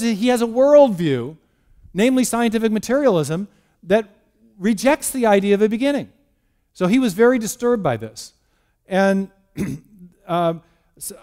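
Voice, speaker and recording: A man's voice: high-pitched, a little mellow. A man giving a lecture on science and faith in a church, telling it as a story with restarts and rhetorical questions. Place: church hall.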